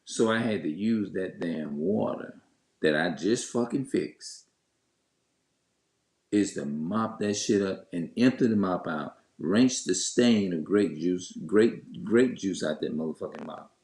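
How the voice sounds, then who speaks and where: A man's voice: low voice, animated, a little slow, darkish tone. A man telling viewers a story in a heated, cursing rant, stopping and restarting often. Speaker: vlogger. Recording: echoey room.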